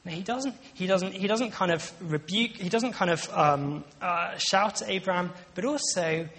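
A man's voice: high voice, moderate pace, fairly bright tone. Man preaching in a reverberant hall. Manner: conversational, with many restarts and asides. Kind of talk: sermon. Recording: long reverb of a large hall.

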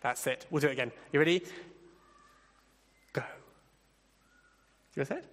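A man leading an interactive Bible talk, playful and directing volunteers with quick asides. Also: fairly high pitch, a bit bright, big-room sound. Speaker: church leader giving a talk.

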